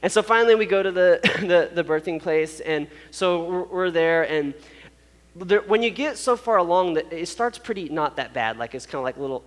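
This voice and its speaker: A man's voice: high voice, a little fast, fairly bright tone, in a large hall. A man telling a personal story to an audience, acting out sounds and quoted voices, with many fillers.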